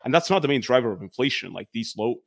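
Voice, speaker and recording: A man explaining economics as a podcast guest, quick and hedging, full of "like" and restarts. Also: mid-range voice, lively intonation, creaky. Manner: quick, hedging with many fillers. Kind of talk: casual explanatory talk.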